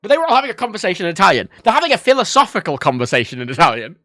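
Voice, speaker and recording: A man's voice: high voice, huge pitch swings, very fast, pushed and bright, no echo, studio quality. A man chatting casually on a livestream about a game. He rambles, corrects himself often and swears freely.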